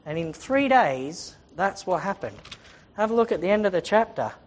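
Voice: mid-range voice, sing-song, moderate pace. A preacher giving a sermon, reading scripture aloud and retelling it in casual everyday words, stressing points by repeating phrases.

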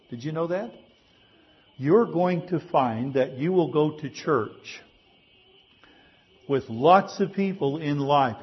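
Husky-voiced male pastor preaching. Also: on the high side, muffled recording. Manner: conversational preaching with rhetorical questions. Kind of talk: sermon.

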